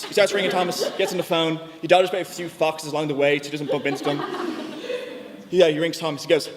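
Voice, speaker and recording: A man's voice: on the high side, little pitch movement, quick pace, crowd noise. Chatty young man telling a story. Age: young adult. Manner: chatty, jokey, rambling. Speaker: floor speaker in a student debate. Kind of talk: informal storytelling speech. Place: debating chamber. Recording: long hall reverb, faint background noise.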